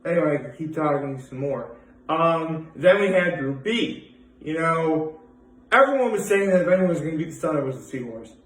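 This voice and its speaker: A man's voice: a little high, lively intonation, moderate pace, echoey room, poor audio. A young man rambling through a casual daily vlog, full of fillers and restarts. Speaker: vlogger.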